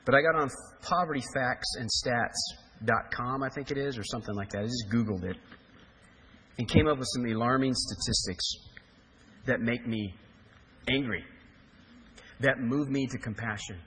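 A man's voice: mid-range voice, moderate pace, long pauses, a little hiss or hum. A man in his forties from Kansas, a pastor telling a story in a sermon with joking asides. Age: 40s. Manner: animated storytelling, jokey asides. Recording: reverberant hall.

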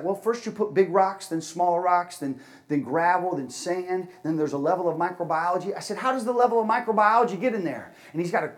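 A man giving an energetic fundraising talk at a church service, swinging between loud bursts and hushed moments. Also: sits high. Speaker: charity speaker at a church.

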